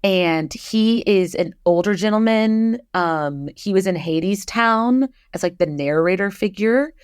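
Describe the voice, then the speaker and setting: A woman's voice: medium pitch, measured pace, clean tone, dry recording, clean studio sound. A young woman, an actor and writer, telling a self-deprecating story as a podcast guest, laughing often.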